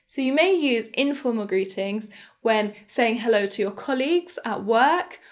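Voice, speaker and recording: A young woman leads a beginner English lesson with a slightly high voice. She speaks slowly and clearly and models each phrase with careful pronunciation. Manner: slow, clear, demonstrative pronunciation of example phrases. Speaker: English teacher.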